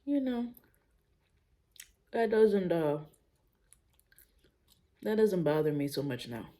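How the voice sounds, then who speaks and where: A young woman vlogging in a relaxed, unhurried way, thinking out loud and speaking frankly in casual slang. Her voice is warm and dark-toned and sits fairly low, and she lets her sentences drift at an easy pace. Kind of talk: casual personal vlog talk.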